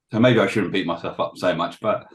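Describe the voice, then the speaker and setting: A man with a hoarse, failing voice giving a casual presentation on a video call, often clearing his throat. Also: sits low, poor audio. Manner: frequent throat-clearing, self-deprecating. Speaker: guest trader sharing experience.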